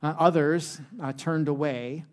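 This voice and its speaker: Male pastor, 30s, sermon, chatty and joking, lots of fillers, slightly high voice. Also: steady tone, unhurried, darkish tone. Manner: conversational and humorous, with frequent "uh" fillers.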